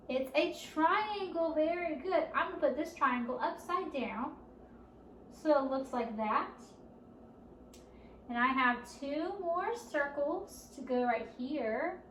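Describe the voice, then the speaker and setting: A woman leading a children's storytime at a library, speaking slowly and encouragingly and asking the children questions as she goes. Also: high voice, fairly bright tone, slight background noise. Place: library room. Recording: roomy, distant camera audio.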